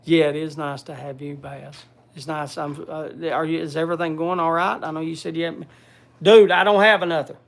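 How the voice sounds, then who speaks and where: Gravelly high-voiced rambling man. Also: little pitch movement, a little fast, hardly any pauses. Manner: rambling, restarts often, talks to his pet and viewers. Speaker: livestream host. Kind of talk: casual livestream chat.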